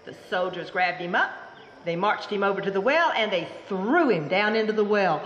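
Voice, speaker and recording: A woman storyteller telling a folk tale live, animated and theatrical, inviting the audience to join in. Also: medium pitch, moderate pace. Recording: roomy hall with long echo, faint room noise.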